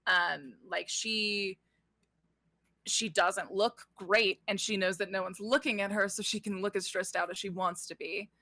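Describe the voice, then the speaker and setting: A woman's voice: mid-range voice, fairly even intonation, a little slow, pushed and bright, dry recording. A woman narrating a tabletop game as game master, descriptive, with frequent fillers and self-corrections.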